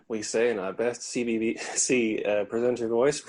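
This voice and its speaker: A man's voice: mid-range voice, flat delivery, moderate pace, few pauses, a little mellow. A man guesting on a history podcast, telling a story in a loose, rambling way, with lots of hesitations and restarts. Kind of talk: casual conversational history chat.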